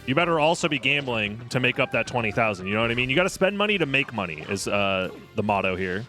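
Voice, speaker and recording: A man's voice: medium pitch, big pitch swings, fast, over music. A young man streaming a video game, chatting casually with his viewers in a snarky, sarcastic way and swearing freely. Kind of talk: casual live-stream gaming chat.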